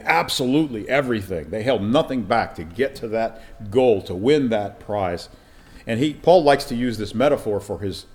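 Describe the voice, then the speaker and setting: Guy pastor going verse by verse, chatty, keeps asking the room questions. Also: lowish voice. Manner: conversational, asks the listeners rhetorical questions. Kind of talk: verse-by-verse Bible teaching.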